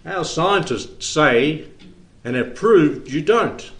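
A man preaching a sermon and leading a prayer in a church, earnest and emphatic, with long pauses. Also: a little high, animated, fairly bright tone, slightly rough.

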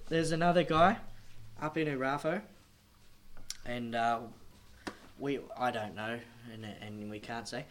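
A man preaching a sermon as a missionary, telling a story and swinging between loud emphatic lines and hushed ones. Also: medium pitch, a little slow, pauses often, slight background noise.

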